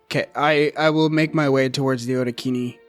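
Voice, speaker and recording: A man playing a tabletop role-playing game, playful and quick to laugh. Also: medium pitch, fairly even intonation, no echo, faint music behind. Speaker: player.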